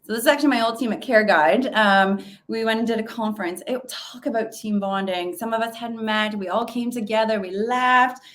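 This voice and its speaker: A woman's voice: a little high, fairly quick, few pauses, fairly bright tone. A woman giving a conversational webinar presentation over a video call, with plenty of fillers and restarts. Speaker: webinar speaker. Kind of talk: virtual presentation talk.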